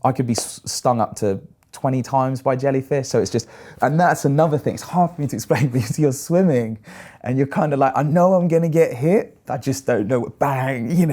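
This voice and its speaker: A British man in his thirties telling animated stories in a casual interview. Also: medium pitch. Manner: animated storyteller, acts out quoted voices. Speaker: guest, long-distance swimmer.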